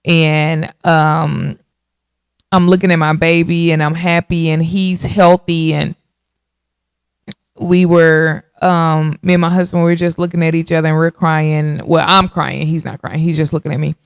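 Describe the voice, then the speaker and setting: Animated woman in her thirties, smooth voice. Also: low voice, unhurried, dry recording, studio quality. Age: 30s. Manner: animated, talks straight to listeners with y'all. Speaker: podcast host. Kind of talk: casual storytelling to listeners.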